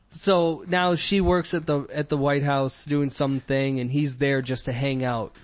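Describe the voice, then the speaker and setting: A man in casual comedic chat, profane and laughing often as he mocks a movie's scenes with quick impressions. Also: medium pitch, steady tone.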